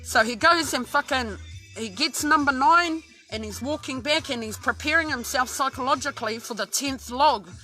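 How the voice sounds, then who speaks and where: A woman's voice: sits high, moderate pace, pushed and bright, soft background music. Swearing Australian woman telling a story. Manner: heavy swearing, rambling with many restarts. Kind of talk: casual true-crime storytelling.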